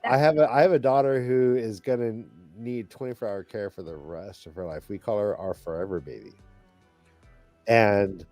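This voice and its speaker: A middle-aged man co-hosting a podcast, speaking in halting, heartfelt restarts while holding back tears. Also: on the low side, a little mellow, no room sound, faint music behind. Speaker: podcast co-host. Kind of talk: casual panel chat.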